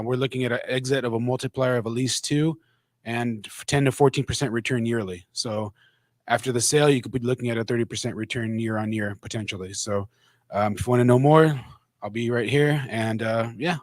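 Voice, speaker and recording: A man introducing his healthcare investment fund at a networking meetup, measured and businesslike. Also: mid-range voice, fairly even intonation, dry recording.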